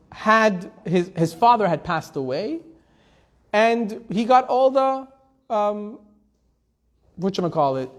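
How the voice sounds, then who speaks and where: Rabbi giving a Torah class, male, fairly high voice, chatty storyteller who poses questions and answers them. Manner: storytelling with Hebrew quotes; conversational, asks and answers own questions.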